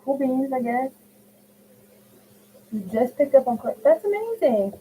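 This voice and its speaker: Her voice sits high yet sounds dark, level and unhurried: a middle-aged crochet livestream host chatting at home while she works. She reads viewers' comments out loud and answers them by name, over faintly hissy, tinny phone-style audio.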